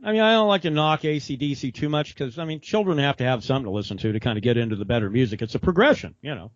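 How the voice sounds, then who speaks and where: A man's voice: medium pitch, rapid-fire, dry recording. Podcast co-host, male, loose rambling chat, lo-fi dry sound. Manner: rambling, laughing, quoting others in animated voices. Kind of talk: casual chat.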